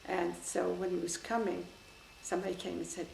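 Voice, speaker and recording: An older woman with a gravelly, creaky voice recalls events for an oral history interview. She tells her stories vividly and acts out the voices in old exchanges. The recording sounds roomy, with a faint hiss underneath. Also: on the low side, brisk. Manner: lively storyteller, acts out quoted exchanges. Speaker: interviewee, former official. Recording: echoey room with faint hiss.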